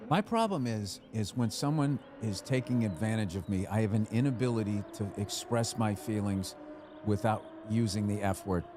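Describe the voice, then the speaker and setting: A man's voice: lowish voice, normal speed, noisy background. A man in casual chat, telling rambling stories and swearing freely. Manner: profane, rambling, animated storytelling.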